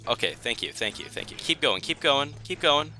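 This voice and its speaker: A man's voice: fairly high pitch, lively intonation, moderate pace, sharp tone, faint music behind. A young man commentating his own strategy game, pleading and joking at the enemy in a dramatic, self-mocking way. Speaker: gaming YouTuber. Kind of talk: gameplay commentary.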